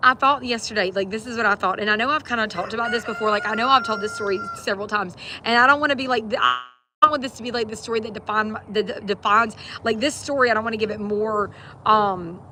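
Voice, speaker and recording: A woman's voice: medium pitch, fast talker. Earnest woman, rambling faith talk; noisy outdoor livestream with passing traffic. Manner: earnest, rambling, many fillers and restarts.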